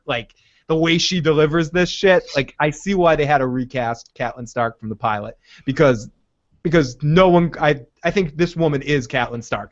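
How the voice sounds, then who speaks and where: Man, slightly high voice, lively co-host who acts out lines, dry dull lo-fi audio. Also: no room sound. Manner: animated, acts out quotes, laughs often. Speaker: podcast co-host. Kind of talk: casual recap chat.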